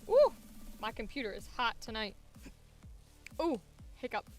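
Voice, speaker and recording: A woman's voice: on the high side, very animated, measured pace, darkish tone, faint music behind. A young woman voice actor chatting to herself casually while working, muttering at her computer and swearing now and then.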